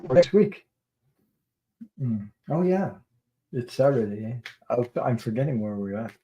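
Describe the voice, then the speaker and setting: Middle-aged guy doing a tarot livestream, rambly and laughy, mellow low-key voice, curses here and there. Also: expressive, a little slow, lo-fi sound. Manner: rambling, laughs often, swears casually. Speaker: tarot reader and livestream host. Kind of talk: casual livestream chat.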